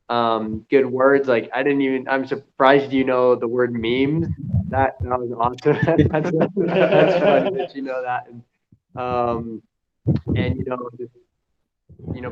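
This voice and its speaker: A young man chatting casually on a video call, rambling with lots of fillers and restarts. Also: mid-range voice. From United States. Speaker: conversation partner. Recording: muffled video call audio, faint hiss.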